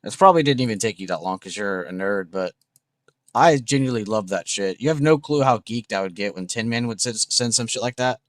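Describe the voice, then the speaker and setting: A man's voice: lowish voice, lively intonation, brisk, dry recording. A young man hosting a trading livestream, chatting casually and enthusiastically with viewers, swearing freely. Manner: casual, profane, enthusiastic, reacting to chat.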